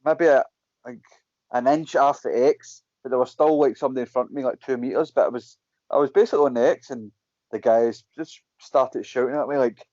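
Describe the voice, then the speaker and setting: A Scottish man in a relaxed chat tells stories with animated energy, swearing freely and acting out his own and other people's lines. His voice sits at a middle pitch and sounds dry and close. The call audio is dull and lo-fi. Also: brisk, dry recording. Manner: animated storytelling, frequent swearing, acts out quotes. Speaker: guest, MMA fighter. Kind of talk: casual chat.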